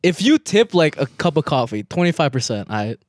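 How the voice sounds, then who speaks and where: Animated young man, lively casual chat. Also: a little high, brisk, dry recording, studio quality. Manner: animated, laughs often, says dude and man. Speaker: podcast co-host.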